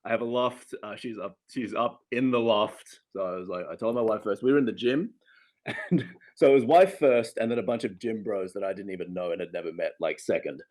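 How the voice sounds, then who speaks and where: A man in his thirties from Australia, an actor chatting casually in an interview from home, animated, laughing often and restarting sentences. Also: on the low side, brisk. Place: home with a loft.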